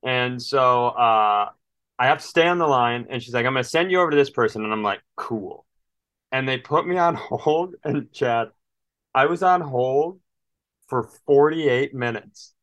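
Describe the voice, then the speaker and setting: A man's voice: medium pitch, normal speed, a bit bright, dry recording, muffled recording. Podcast co-host, man with a slight Southern drawl, storyteller who acts out calls, bone-dry close mic. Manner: storytelling, acting out phone calls with voices; exasperated, swearing rants. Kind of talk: casual chat.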